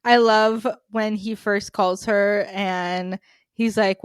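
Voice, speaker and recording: Young woman, podcast co-host, smooth and clear, close dry mic, gushy and giggly. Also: medium pitch, level tone, takes it slowly, dry recording. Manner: gushing, laughs often. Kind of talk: casual chat.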